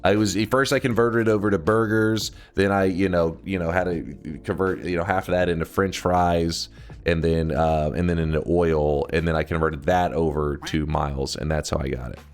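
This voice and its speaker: A low-voiced man in his thirties, talking live to his stream in a loose, rambling way. He swears freely and now and then bursts out loudly at his chat. Faint music plays behind him. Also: fairly even intonation, normal speed. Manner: rambling and profane, with sudden loud outbursts. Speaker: livestreamer.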